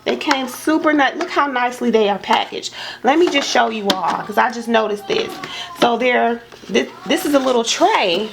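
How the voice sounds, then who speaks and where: A young adult woman with a fairly high voice talks through an unboxing in her dining room. She gushes and gets excited easily, chatting casually to her viewers and calling them y'all. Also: moderate pace, creaky, background noise. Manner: gushing, excitable, says y'all. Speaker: home decor vlogger.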